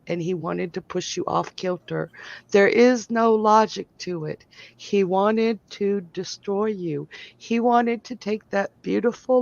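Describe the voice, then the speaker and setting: A woman psychic medium giving an emotional live reading in a slow, tender, halting way. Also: mid-range voice, vocal fry, no echo. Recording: dull lo-fi sound.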